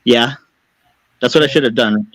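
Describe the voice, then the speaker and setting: A man's voice: medium pitch, normal speed, a bit bright, dry recording, rough recording. A man talking as a caller on a live stream, agitated and defensive, swearing a lot and rambling as he justifies himself. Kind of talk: heated live-stream talk.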